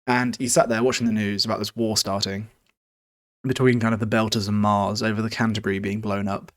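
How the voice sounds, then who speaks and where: A man's voice: fairly low pitch, little pitch movement, brisk, no echo, clean studio sound. A man hosting a podcast, recapping a book in a casual, rambling way with swearing, fillers and self-corrections. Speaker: podcast host.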